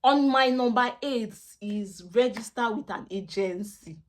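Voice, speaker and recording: A woman's voice: fairly high pitch, a little slow. Chatty Nigerian woman giving student tips. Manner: chatty, repeats herself, mixes in pidgin asides. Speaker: student vlogger. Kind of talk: casual advice vlog.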